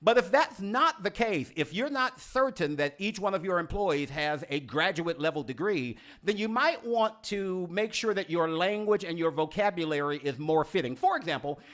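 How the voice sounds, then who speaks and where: A man coaches the viewer through a lesson on communication and leadership. His voice sits fairly high for a man and swings widely in pitch, and he slows down hard on key words to drive a point home. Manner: expressive teacherly delivery, slows for emphasis. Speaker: leadership coach and video series host. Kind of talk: scripted instructional talk to camera.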